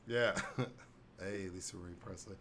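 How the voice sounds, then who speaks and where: Bright-voiced, joking podcast host. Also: male voice, sits low, normal speed, a little hiss or hum. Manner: animated, joking, slips into silly put-on voices. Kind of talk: casual podcast chat.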